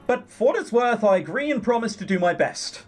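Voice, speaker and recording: A man's voice: sits high, sing-song, fairly quick, faint music behind, voice pushed up. Man voicing a flustered servant girl. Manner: breathless, babbling, self-conscious. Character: flustered young servant girl, nervous and humble.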